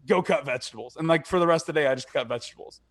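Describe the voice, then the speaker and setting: A man's voice: on the high side, rapid-fire. Profane, laughing male podcast host. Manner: profane, laughing, acts out quoted voices. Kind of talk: casual storytelling chat.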